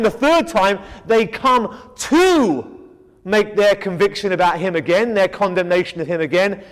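Male Bible teacher, fairly high voice, emphatic lecturing with rhetorical questions, long reverb of a hall. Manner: emphatic, asks rhetorical questions and answers them.

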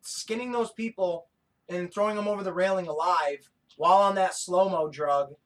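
Excitable, profane man, slightly high voice. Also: normal speed, poor audio. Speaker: podcast co-host. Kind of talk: casual chat.

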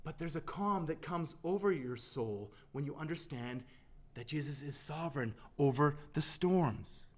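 A man preaching a sermon, earnest, moving from loud emphatic lines to hushed, almost whispered ones. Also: a little high, measured pace.

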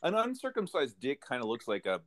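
A man co-hosting a podcast in crude casual banter, animated and joking, saying "dude" a lot. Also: mid-range voice, fairly quick. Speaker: podcast co-host.

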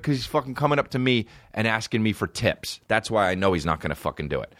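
A man's voice: fairly low pitch, very animated, fast talker, few pauses, fairly bright tone, no room sound, clean studio sound. A man hosting a comedy podcast, riffing profanely through a rambling monologue and jumping between bits.

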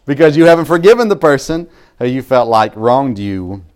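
A man's voice: medium pitch, sing-song, moderate pace, darkish tone. A man preaching a sermon as pastor, talking in a loose, conversational way with asides, restarts and small laughs. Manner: conversational, self-interrupting, laughs at own asides.

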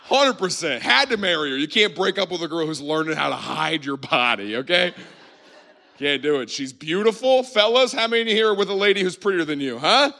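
A man's voice: fairly high pitch, animated, fairly quick, vocal fry, sharp tone. A man in his twenties doing a stand-up comedy set for a live audience, laughing at his own jokes and talking straight to the crowd. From Bible Belt of the US. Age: 20s. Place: church hall with a live audience.

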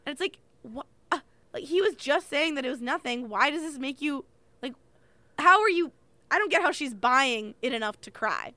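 A woman chatting casually about a book with a friend, animated and sarcastic, swearing freely. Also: high-pitched, moderate pace, dry recording. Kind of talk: casual book discussion chat.

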